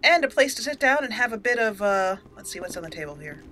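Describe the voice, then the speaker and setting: Bright-voiced chatty woman gaming host. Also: on the high side, big pitch swings, fast talker, poor audio. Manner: chatty, giggly, talks back to game characters. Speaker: let's play host. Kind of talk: casual gameplay commentary.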